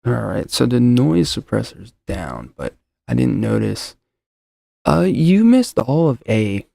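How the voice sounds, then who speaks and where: A man with a heavily gravelly, fry-laden voice talks loosely and jokingly, often tripping over his own sentences. His tone is dark and mellow, and the sound is dry and close, straight into a desk microphone. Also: mid-range voice, big pitch swings, slow, no echo. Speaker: show host. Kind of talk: casual solo podcast chat. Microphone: desk mic with noise suppressor.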